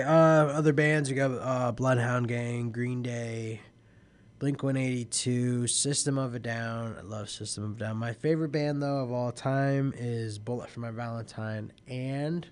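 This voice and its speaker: A man's voice: mid-range voice, fairly even intonation, unhurried. Tired, rambling young male radio host. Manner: tired and yawning, rambling through news. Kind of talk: casual live internet radio talk.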